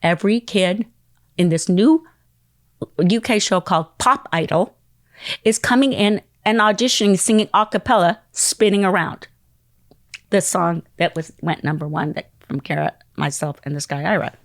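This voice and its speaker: A middle-aged woman spinning a lively anecdote as a podcast guest. Her voice sits a little low for a woman and comes across dry and close. She acts out other people's lines and sometimes drops into a whisper. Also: moderate pace, no room sound. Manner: acts out quoted voices and phone calls, dropping into whispers. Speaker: interview guest. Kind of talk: animated storytelling.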